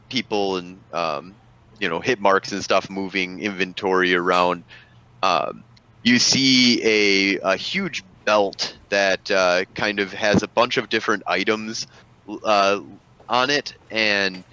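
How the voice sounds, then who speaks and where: A man's voice: lowish voice, pushed and bright, smooth, highs cut off. A man narrating as game master, rambling and full of fillers.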